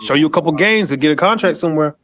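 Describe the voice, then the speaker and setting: A man in a casual sports chat, talking football history in a quick, matter-of-fact way. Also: a little high, a bit bright.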